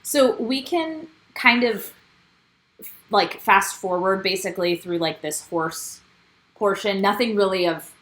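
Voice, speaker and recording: A woman co-hosting a casual recap show. She talks in an easy, chatty way and keeps quoting people with animated emphasis. Her pitch sits mid-range for a woman. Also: a little slow, rough recording. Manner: animated, quotes cast members. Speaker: co-host.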